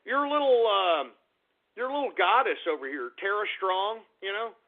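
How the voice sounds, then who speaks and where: A man hosting a talk radio show, ranting in a profane, angry manner with shouted outbursts. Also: sits high, expressive, moderate pace. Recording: narrow phone-like lo-fi sound.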